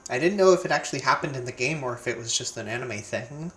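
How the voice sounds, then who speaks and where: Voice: medium pitch, lively intonation, fast, a bit bright. A streamer chatting casually over a game, self-deprecating, with stammered restarts. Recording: roomy sound with faint game music.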